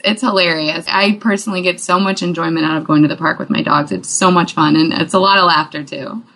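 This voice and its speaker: Woman guest, eager storyteller, slightly low voice, casual chat. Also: steady tone, fast talker, pushed and bright, rough recording. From St. Louis area. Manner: enthusiastic, laughing storyteller. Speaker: guest dog owner.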